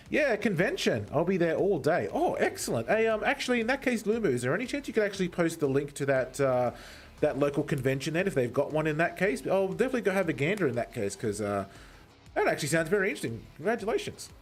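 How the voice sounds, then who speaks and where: A man's voice: on the high side, very animated, fast talker, slightly rough, soft background music. A young Australian man with an Australian accent chatting casually with his viewers while gaming, swearing often and greeting people by name. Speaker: gaming streamer.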